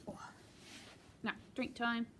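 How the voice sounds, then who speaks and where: A woman chatting casually at home as she shows her cross-stitch projects, talking in a relaxed way with plenty of ums and asides. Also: slow, very noisy. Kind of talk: casual show-and-tell chat.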